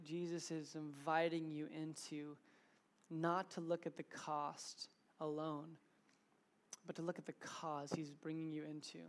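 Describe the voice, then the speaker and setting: A young man preaching an informal evening sermon, talking casually with filler words and retelling stories in an animated way. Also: on the high side.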